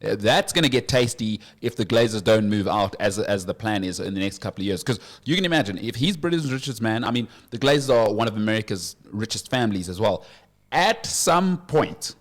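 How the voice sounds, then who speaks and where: A man hosting a casual sports talk radio show, animated and full of banter and quick asides. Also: on the low side.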